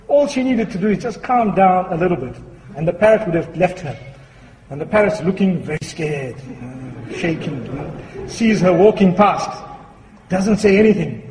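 A man's voice: sits high, slight background noise. A man giving an Islamic talk, telling a story with humor and acting out voices. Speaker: Islamic speaker. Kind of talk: sermon with anecdote. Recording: echoey hall with reverb.

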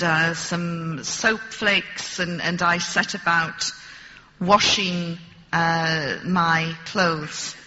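Slow, wry woman telling a story. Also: on the low side, pushed and bright, big-room sound, lo-fi sound. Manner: dry, wry humor, deliberate. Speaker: speaker addressing an audience. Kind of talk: storytelling talk.

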